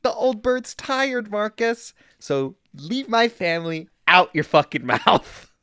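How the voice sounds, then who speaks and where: Someone puts on a spiteful older aunt who drawls her passive-aggressive jabs very slowly, sweetening every line. The voice swoops up and down in a lively, sing-song way. It sounds dry and close, with no room around it, in a comedy improv of online comments. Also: mid-range voice, clear, resonant tone, no room sound. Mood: indignant. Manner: drawling, sugary, snide with giggles.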